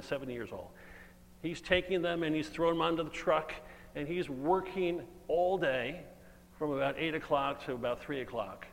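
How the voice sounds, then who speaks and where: A man preaching an earnest, emphatic sermon and reading scripture aloud. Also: on the high side. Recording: long hall reverb, faint hum.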